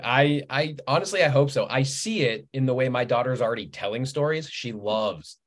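A man in his thirties, a writer and podcast guest, chatting casually as a lively storyteller who laughs often and acts out quoted lines. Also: mid-range voice, moderate pace. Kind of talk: casual interview chat.

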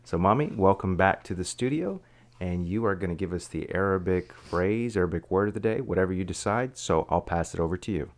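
A woman's voice: a bass voice, brisk, darkish tone. A woman hosting a casual podcast, rambling and self-mocking with frequent restarts. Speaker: podcast host.

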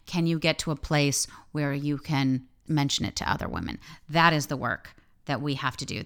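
A woman's voice: sits low, a bit bright, smooth. A woman host talking frankly and with feeling in a solo podcast monologue, swearing freely.

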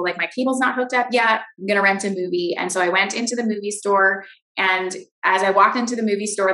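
A middle-aged woman giving a personal faith testimony as an interview guest, earnest and halting, often restarting her sentences. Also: medium pitch, pushed and bright, echoey room, rough recording.

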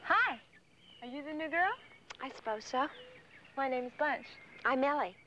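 A woman's voice: sits high, lively intonation, measured pace, background noise, pitched above the performer's own voice. A young woman speaking lines in a 1970s film clip. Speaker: film characters, teenage orphan girls.

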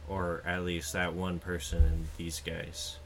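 A man running a tabletop game as game master, soft-spoken and hesitant, restarting his words. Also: sits low, monotone, unhurried, vocal fry, slight background noise.

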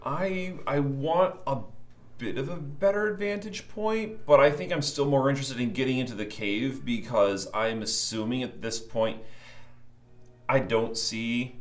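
A man playing in a tabletop role-playing game, thinking out loud about his next move. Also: mid-range voice, measured pace, roomy sound. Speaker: player. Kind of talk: casual in-character table talk.

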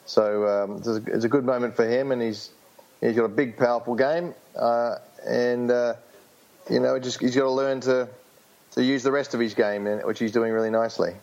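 A man from Australia in his fifties speaks as an interview guest, easygoing and halting, with plenty of "um" and "uh". His voice sits at a middle pitch, and the remote audio sounds dull and lo-fi. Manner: relaxed, hesitant, many fillers. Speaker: guest, former tennis champion and coach. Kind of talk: interview answers.

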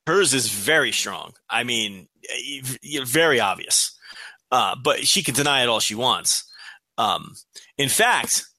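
A man's voice: medium pitch, expressive, a little slow, bright, forceful tone, dry recording. A man co-hosting a podcast, chatting casually with dry, joking remarks. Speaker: podcast co-host.

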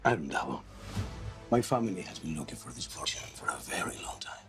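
An actor playing a menacing treasure-hunting villain who speaks in a low, gravelly whisper in movie trailer dialogue. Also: male voice, very animated, brisk. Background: trailer music.

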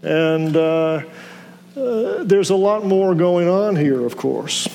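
Male pastor, high voice, measured sermon delivery with small restarts, long church-hall reverb. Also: expressive, creaky, warm tone. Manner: measured preaching with halting restarts.

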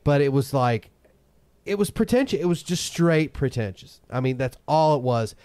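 Podcast co-host, male, opinionated and sarcastic, even-pitched, dry close recording. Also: normal speed, clean tone, no echo. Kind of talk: casual chat.

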